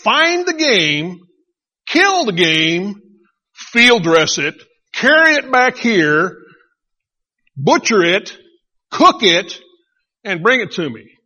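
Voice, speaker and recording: A man's voice: high-pitched, big pitch swings, takes it slowly, pauses often, sharp tone, big-room sound, voice pushed up, exaggerated voice. A man voicing a suspicious old blind father who counts off tasks one by one as he questions his son.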